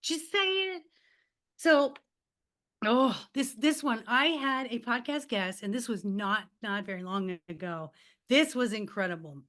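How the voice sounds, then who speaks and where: A woman's voice: mid-range voice, measured pace, a bit bright. A middle-aged woman, a life coach and podcast guest, telling stories in a casual chat, acting out quotes and laughing often.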